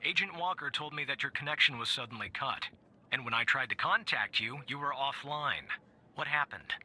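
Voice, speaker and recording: A stern agency boss. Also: male voice, mid-range voice, moderate pace, bright, forceful tone, dry recording. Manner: curt, authoritative. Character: stern male agency supervisor. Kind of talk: video game voice acting.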